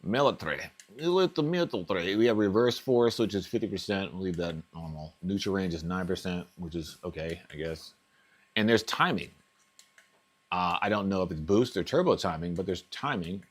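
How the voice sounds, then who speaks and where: A man's voice: low-pitched, normal speed. A man hosting a casual live unboxing stream at home, thinking aloud and trailing off as he reads through settings. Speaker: RC hobby channel host.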